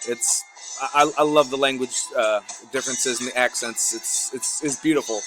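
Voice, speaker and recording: A man's voice: medium pitch, steady tone, moderate pace, poor audio. A man from the United States with a Southern American accent, hosting a vlog in a rambling, chatty way with many asides. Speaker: vlog host. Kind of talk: casual commentary on a screen share. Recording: talking over loud music.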